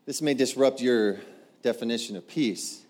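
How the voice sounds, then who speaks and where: A man's voice: medium pitch, moderate pace, darkish tone. A man preaching a sermon, emphatic and punchy, often driving a point home through repetition. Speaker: pastor.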